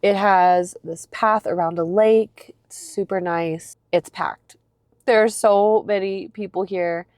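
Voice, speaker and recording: A woman in her thirties vlogs casually from her parked car, phone held close. Her mid-range, darkish voice takes it slowly with fairly even intonation and no room sound, and her talk is rambling, filler-heavy, and self-deprecating.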